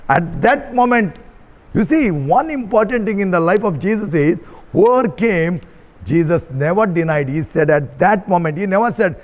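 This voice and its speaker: A Catholic priest preaches a sermon in a high male voice. He is earnest and repeats his key phrases for emphasis. His words ring out with a long reverb in a large hall. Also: expressive, moderate pace.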